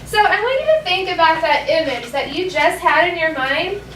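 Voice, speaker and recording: A woman teaching a classroom language lesson, modeling phrases slowly so students can echo them. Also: very high-pitched, animated, noisy background. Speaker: elementary school teacher. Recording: echoey classroom from far off.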